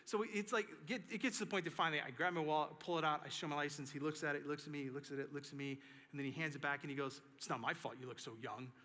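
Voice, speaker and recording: A male pastor preaching with animated storytelling and emphatic repetition. His voice sits fairly high and sounds bright and forceful. It rings through a church sanctuary with a long reverb tail. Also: racing. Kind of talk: sermon.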